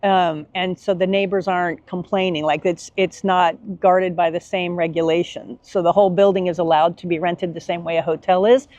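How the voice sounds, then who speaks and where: A woman's voice: fairly low pitch, steady tone, moderate pace, few pauses, darkish tone, no echo. An American woman co-hosting a casual travel chat, explaining tips in a conversational way. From United States. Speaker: co-host. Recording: dry, dull lo-fi sound.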